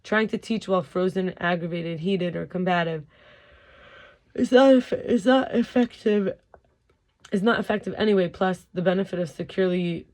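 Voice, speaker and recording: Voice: medium pitch, normal speed, a little mellow. A tired self-help teacher who keeps yawning gives a casual talk. The voice sits in a middle range, and the delivery is loose and unscripted, full of fillers and restarts.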